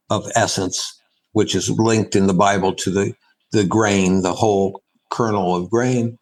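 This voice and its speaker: A man, a spiritual teacher, giving a reflective answer in an interview, halting and restarting as he thinks. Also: fairly low pitch, rough recording. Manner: halting and thoughtful, with frequent restarts and pauses.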